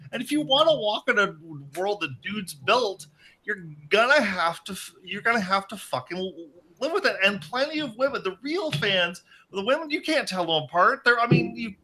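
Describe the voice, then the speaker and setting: Bright high-voiced profane man. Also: big pitch swings, moderate pace, a little hiss or hum. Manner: loud, profane, laughing storyteller. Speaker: podcast co-host. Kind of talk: casual crude podcast banter.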